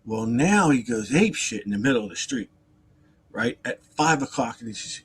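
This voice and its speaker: Lively man telling a rambling story. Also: mid-range voice, normal speed, breathy edge. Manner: animated and rambling, with repeated words, asides and laughter; acts out other people's lines in a raised voice. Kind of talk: casual storytelling on a live stream.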